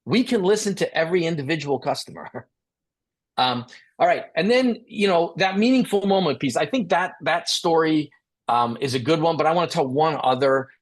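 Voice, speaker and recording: A man's voice: fairly high pitch, normal speed. A middle-aged man speaking as the expert at a business talk, telling a story and acting out the dialogue. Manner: animated, acts out dialogue.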